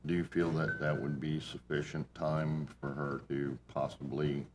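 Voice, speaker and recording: A man with a very deep voice speaks politely and softly as a committee member. The room echoes, and there is constant noise in the background. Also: little pitch movement, a little slow. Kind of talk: public meeting chat.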